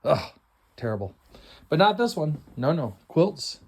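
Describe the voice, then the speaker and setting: A man's voice: on the high side, very animated, unhurried, breathy edge. A middle-aged man hosting a casual, enthusiastic walkthrough of a house before an estate sale, chatty and self-deprecating. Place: inside a house, walking through rooms.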